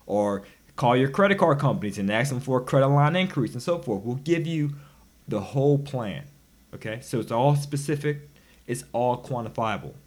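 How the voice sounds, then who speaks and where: A man giving a motivational personal finance lesson, talking in an animated, preachy way with sudden loud, emphatic bursts. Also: mid-range voice. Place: recorded instruction.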